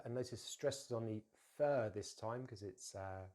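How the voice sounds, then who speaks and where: A man giving a pronunciation lesson, slowly modelling words and phrases and asking the listener to repeat after him. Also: lowish voice, dark tone. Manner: slow, deliberate modelling of words with drills to repeat; explains plainly with frequent fillers and restarts. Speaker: English pronunciation teacher.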